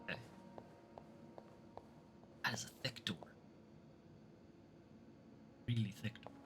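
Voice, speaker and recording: A man's voice: lowish voice, normal speed, bright, forceful tone, whispered, faint music behind. A man streaming a game, chatting casually and muttering, often trailing off mid-thought. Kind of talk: casual gameplay commentary.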